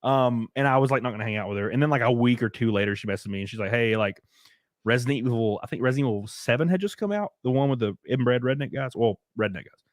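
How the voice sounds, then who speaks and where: A man's voice: medium pitch, quick pace, no echo, studio quality. A man in his twenties hosting a live stream, telling a crude story in a rambling way with many fillers and restarts. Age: 20s. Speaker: stream host.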